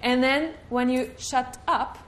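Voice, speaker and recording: A woman leading a live workshop, coaching with questions and sinking into a quiet low murmur for a repeated clearing chant. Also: steady tone, slow, slight background noise. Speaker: workshop facilitator.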